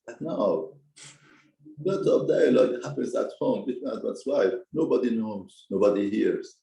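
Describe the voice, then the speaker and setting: A man's voice: on the low side, normal speed, creaky. A man with a Persian accent, a native Persian speaker, giving a short ethics lesson and acting out the quotes he tells. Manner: animated, acts out quotes, mixes Hebrew terms into English. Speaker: rabbi teaching a class. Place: study hall. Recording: echoey room.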